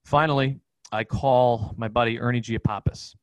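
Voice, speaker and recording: A man, a podcast guest, telling a personal story in a rapid, profane, vivid way. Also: medium pitch, steady tone, dry recording, rough recording. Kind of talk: candid storytelling in an interview.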